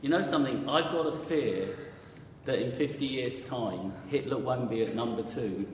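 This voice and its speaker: Chatty preacher in echoey hall. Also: male voice, mid-range voice, normal speed, a little hiss or hum. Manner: chatty, quizzes the audience with questions. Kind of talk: conversational sermon. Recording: echoey hall with long reverb.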